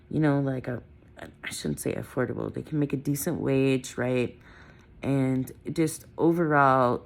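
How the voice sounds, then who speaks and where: Low, gravelly woman vlogging casually. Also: darkish tone. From Wisconsin, United States. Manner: chatty, opinionated, trailing off with "right?" and "I don't know". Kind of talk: casual opinion vlog. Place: in a car.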